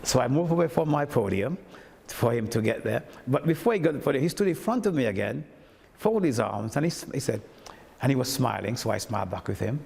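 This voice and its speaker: A man's voice: medium pitch, brisk, creaky, long reverb tail. An older man from Montserrat, a toastmaster telling stories and acting out the voices of the people in them. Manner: animated storyteller who acts out quoted speech. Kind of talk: anecdotal storytelling.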